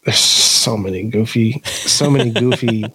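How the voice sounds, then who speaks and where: Casual profane male podcast guest, animated and playful, dry sound. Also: mid-range voice, measured pace, breathy edge, no room sound. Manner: profane, laughing, animated storyteller.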